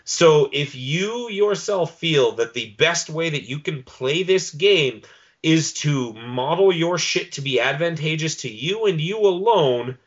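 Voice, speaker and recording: A man's voice: fairly high pitch, lively intonation, a little slow, dull audio. A man co-hosting a podcast in casual chat, ranting with lots of swearing and "um"s. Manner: ranting, profane, many fillers. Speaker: podcast co-host.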